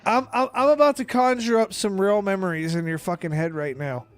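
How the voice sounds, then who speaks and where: High-voiced, excitable, swearing man. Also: brisk, smooth, faint music behind. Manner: excitable, heavy swearing, stammering restarts. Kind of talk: casual chat.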